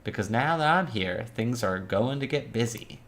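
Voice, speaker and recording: A woman's voice: extremely low pitch, expressive, moderate pace, noisy background. Woman reading as a weary noir defense attorney. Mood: brooding. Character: weary cynical criminal defense attorney narrator. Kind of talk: visual novel read-aloud.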